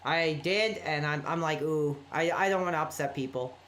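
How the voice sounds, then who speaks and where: A man's voice: a little high, moderate pace, a bit bright, slight background noise. A man chatting casually on a late-night live stream, rambling and apologetic as he reacts to viewer messages.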